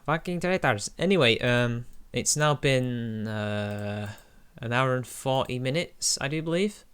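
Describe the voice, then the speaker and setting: A man's voice: medium pitch, takes it slowly, fairly bright tone, smooth. A young man, chatting on a live stream in a mocking, crude, laughing way. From Britain. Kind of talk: casual live-stream commentary.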